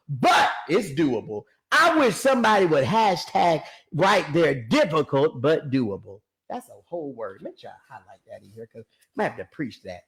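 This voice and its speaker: A man's voice: a little high, sing-song, normal speed, fairly bright tone. A young man with a preacher's manner, talking about fitness, calling out to his listeners and laughing often. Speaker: ministry founder and personal trainer. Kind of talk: lively preaching-style talk to an online audience.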